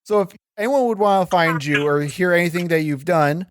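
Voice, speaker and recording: Upbeat, higher-voiced male podcast host. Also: fairly quick, no room sound, clean studio sound. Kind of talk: casual podcast interview.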